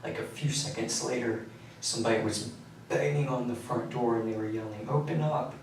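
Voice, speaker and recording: Flat-voiced man confessing in echoey room. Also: a little fast. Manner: flat, matter-of-fact recounting, voice often trailing low. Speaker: suspect confessing. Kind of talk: police interrogation confession. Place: police interview room. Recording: echoey room, mic far off, faint noise.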